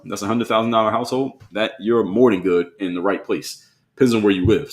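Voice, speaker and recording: A man's voice: lowish voice, very fast, darkish tone. Blunt man answering chat live. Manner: blunt, conversational, argues back at comments. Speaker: live stream host. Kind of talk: solo live stream, reading and answering chat comments.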